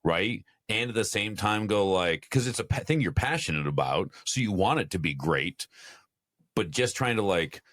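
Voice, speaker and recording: Deep-voiced man, dry close sound. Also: lively intonation, moderate pace, a bit bright, no room sound. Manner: rambling, full of fillers and swearing. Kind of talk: casual chat.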